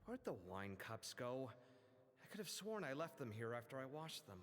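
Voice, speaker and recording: An actor playing an excitable young male architect who talks in a chatty, animated way in game audio. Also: mid-range voice, normal speed, natural voice. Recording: game audio with faint music.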